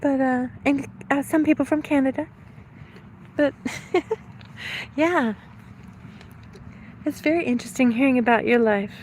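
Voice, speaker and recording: A high-pitched middle-aged woman talks live to her chat as she walks outside, slightly winded and quick to laugh. She reads out viewers' names and thanks them in a friendly, rambling way. Faint outdoor noise sits under her phone-mic voice. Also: a little mellow. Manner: chatty, laughs often, thanks viewers by name. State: a little out of breath from walking. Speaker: livestreamer reading chat. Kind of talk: casual live stream chat. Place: outdoors, walking.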